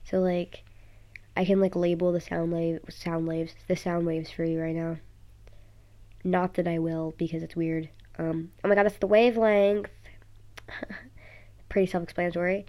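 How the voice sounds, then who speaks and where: Speaking slowly with long pauses, a worn-out teenage girl rambles through a casual vlog at home, her phone app capturing run-on thoughts heavy with "like" and "um." Her delivery is flat, her voice low-leaning and warm.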